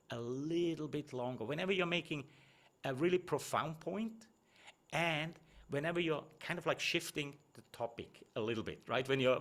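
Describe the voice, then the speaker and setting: A middle-aged man giving one-on-one feedback as a presentation coach, talking conversationally with frequent tag questions and restarts. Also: medium pitch.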